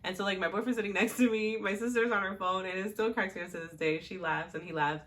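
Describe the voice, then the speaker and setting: A woman's voice: mid-range voice, steady tone, quick pace, a bit bright. A young woman hosting a talk show, telling personal stories in a chatty way, full of fillers and little laughs. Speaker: podcast host. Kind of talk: casual personal storytelling.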